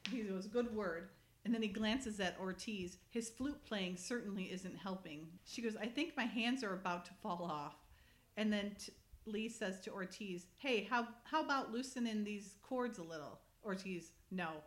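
A woman's voice: mid-range voice, moderate pace. Giggly woman recapping a TV episode. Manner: chatty, giggly, reads script lines aloud. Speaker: podcast host. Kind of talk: casual chat recapping a TV episode.

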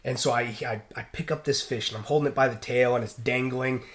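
A man's voice: medium pitch, fairly even intonation, fast talker. Male sailor guest, chatty storyteller, loose and rambling delivery. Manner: rambling, many restarts and fillers. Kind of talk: casual storytelling.

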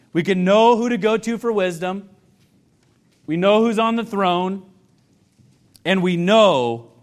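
High-voiced earnest male pastor preaching. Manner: earnest, building emphasis with repeated questions. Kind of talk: sermon.

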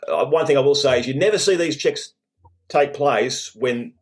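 A man's voice: medium pitch, moderate pace. An Australian man co-hosting a casual rugby league chat, steadily leading the discussion and teasing his co-host. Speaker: podcast co-host.

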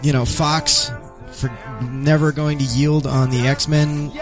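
An upbeat man hosting a talk radio show, running breaks and segments like an announcer. His voice sits a bit higher than most men's, with faint music underneath. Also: little pitch movement, takes it slowly.

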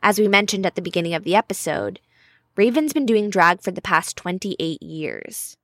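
A woman narrates a travel podcast in a scripted but conversational way. Her voice sits a little low and is recorded dry and close. Her storytelling sounds friendly. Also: very animated, normal speed, no echo.

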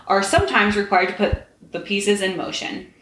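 A woman's voice: mid-range voice, normal speed, fairly bright tone, close to an everyday voice. Woman voicing a wry, stern wizard friend. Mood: lecturing. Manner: dry, lecturing. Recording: roomy room echo.

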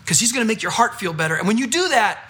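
A bold older woman who gives firm orders in broken English, put on by a male preacher. The voice is high and bright, with stern, clipped commands. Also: very animated, very fast, full character voice.

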